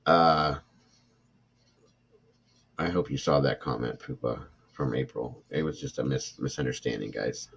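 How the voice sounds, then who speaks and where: A man's voice: very deep voice, unhurried, creaky, pauses often, a bit bright, husky. A middle-aged man hosting a true crime livestream, reading a report aloud and reacting with irritation while talking to his chat viewers. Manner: emotional, irritated, talks to chat viewers by name.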